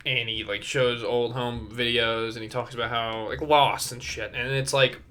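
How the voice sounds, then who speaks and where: A man's voice: medium pitch, steady tone, moderate pace, a bit bright. A young man hosting his own podcast, talking casually and rambling with lots of swearing and laughter. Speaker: podcast host. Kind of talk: casual solo podcast chat.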